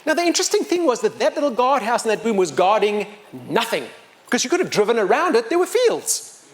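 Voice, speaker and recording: Animated male storyteller, high lively voice. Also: quick pace. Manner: animated, acts out the people in his story. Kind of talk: live talk-story to an audience. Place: open-air pavilion.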